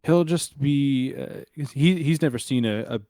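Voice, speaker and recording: A man's voice: medium pitch, measured pace, dark tone, no echo, clean studio sound. A man narrating a tabletop game as game master, hesitant and full of restarts. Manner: hesitant, many fillers and restarts.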